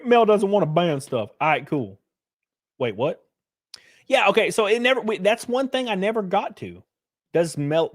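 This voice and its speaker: A man's voice: a little high, no echo, studio quality. A young man chatting casually on a live stream, reading chat aloud with loose, jokey slang.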